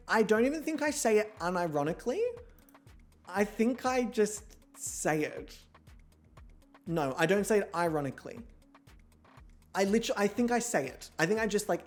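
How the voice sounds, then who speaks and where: A young man hosting a model-show game, chatting casually in a campy, self-mocking way and swearing often. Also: sits high. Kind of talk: casual gameplay commentary.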